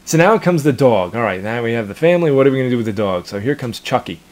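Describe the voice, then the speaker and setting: A man's voice: mid-range voice, expressive, fast talker, crowd noise. A man in his thirties, a cartoon creator casually chatting in an interview, rambling and repeating his words with chuckles.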